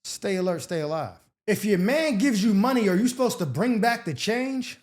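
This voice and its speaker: A man's voice: high-pitched, animated, moderate pace, darkish tone. A man hosting an advice show, reading letters and answering them in a blunt, profane, sarcastic way with slang-heavy casual talk. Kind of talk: advice commentary rant.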